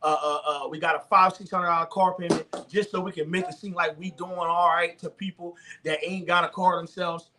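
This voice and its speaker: High-voiced fervent man preaching. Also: little pitch movement, fairly quick, hardly any pauses, noisy background. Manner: fervent, repetitive, preaching cadence. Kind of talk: sermon-style talk to the camera.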